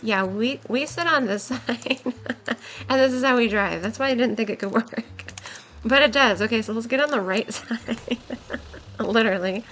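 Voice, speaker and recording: A young woman giving excited, giggly commentary while playing a game, her voice worn from a long stream. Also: fairly high pitch, moderate pace. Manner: gushing, giggly, exclaims often. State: voice nearly gone, worn.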